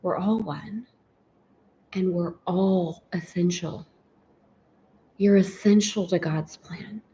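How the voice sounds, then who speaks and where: A woman's voice: on the low side, fairly even intonation, slow, dark tone, muffled recording, a little hiss or hum. A woman teaching a guided spiritual lesson, reflective and personal, often speaking her inner thoughts aloud.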